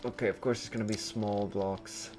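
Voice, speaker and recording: Low-voiced guy rambling thru a castle build, asks himself stuff, faint music and typing behind. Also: fairly even intonation, moderate pace. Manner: rambling, self-questioning, thinking aloud. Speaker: gameplay streamer. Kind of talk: casual gameplay commentary.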